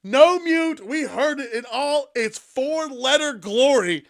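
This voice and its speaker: A man co-hosting a podcast in casual chat, excitable and profane, with sudden loud outbursts. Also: extremely high pitch, slow pace. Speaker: podcast co-host.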